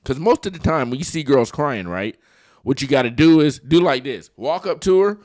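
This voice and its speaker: A man hosting a reaction commentary, talking in a mocking, profane and animated way. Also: mid-range voice, moderate pace, dry recording, studio quality. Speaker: commentary host.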